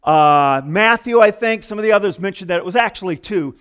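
High-voiced man preaching a lively sermon. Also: brisk, clear, resonant tone. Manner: animated storytelling, acting out quoted voices; conversational with hesitant restarts.

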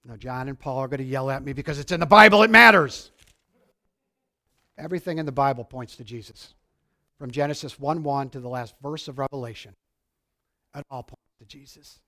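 A man preaching a sermon in a church, excitable, swinging from shouting to quiet asides. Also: medium pitch, brisk, long pauses. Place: church sanctuary.

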